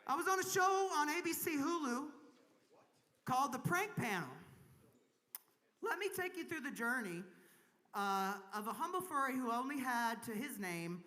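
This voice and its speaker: A woman's voice: sits high, expressive, moderate pace, pauses often, sharp tone. A woman from Kentucky doing a crude, self-mocking stand-up comedy set on a convention main stage, laughing at her own jokes. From Kentucky, USA.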